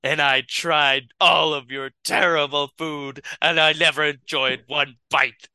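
A man voicing a cold, deadpan male spy in a comedy podcast story, speaking flat, slow and cutting. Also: on the high side, clear, resonant tone, exaggerated voice.

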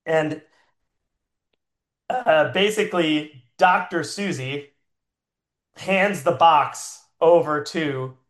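Man, higher pitch, rambling improv storyteller, lots of fillers, roomy echo. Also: extremely slow, long pauses, fairly bright tone. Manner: rambling with frequent "like" fillers and laughs.

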